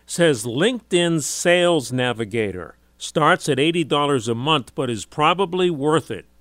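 A male radio news reporter delivering a scripted business segment in a measured, clipped manner. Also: a little high, expressive, fairly bright tone, no echo.

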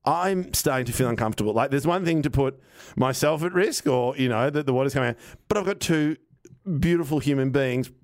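A man, telling a casual, animated anecdote on a podcast, acting out what people said and swearing now and then. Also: medium pitch, brisk. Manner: animated, rambling anecdote with acted-out quotes and swearing. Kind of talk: casual storytelling chat.

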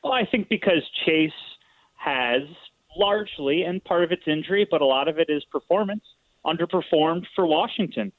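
A nasal-voiced man calls into a sports talk show over a thin, phone-like line. He weighs his points aloud at a measured pace, his voice sitting a little high. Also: lively intonation, dry recording. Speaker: guest podcaster calling in. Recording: tinny phone-line audio.

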